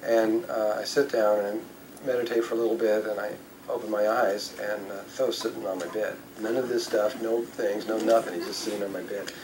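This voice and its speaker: A man's voice: on the low side, level tone, brisk, noisy background. An older man, a spiritual speaker, tells a rambling anecdote to a live audience, with fillers and self-corrections along the way. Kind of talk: storytelling talk to an audience.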